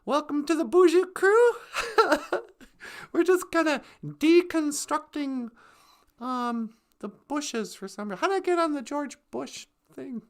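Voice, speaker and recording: Woman, live-stream host, playful, giggly, high lively voice, gravelly edge. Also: takes it slowly. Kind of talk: casual comedic chat.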